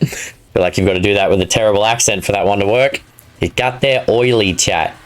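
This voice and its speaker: A man's voice: on the low side, fairly even intonation, fast, clean tone, faint music behind. A man streaming a game live, chatting casually to his viewers and laughing at his own jokes. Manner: chatty, talks to chat and viewers by name. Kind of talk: live gameplay stream chat.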